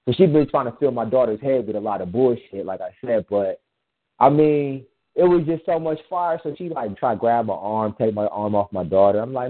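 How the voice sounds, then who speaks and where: A man's voice: mid-range voice, normal speed. A man in casual chat, telling a personal story in a rambling, emphatic way with frequent restarts. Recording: tinny phone-line sound.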